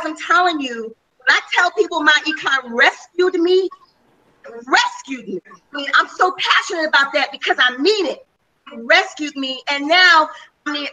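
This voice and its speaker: A woman's voice: sits high, pushed and bright, rough recording. A woman speaking as a panel guest on a webinar, telling her personal story with enthusiasm. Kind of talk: testimonial on a webinar call.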